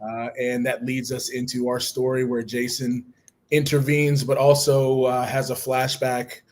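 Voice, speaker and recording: A man co-hosting a live stream, walking through comic pages in an even tone with many pauses. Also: mid-range voice. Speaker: co-host. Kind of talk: describing comic art.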